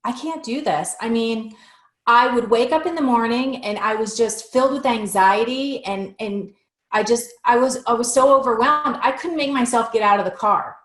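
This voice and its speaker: A woman telling her story as an interview guest, talking in an animated, conversational way and sometimes restarting her sentences. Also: moderate pace, echoey room. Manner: animated, acts out past conversations with lively shifts in pitch; fluent with frequent restarts and filler words.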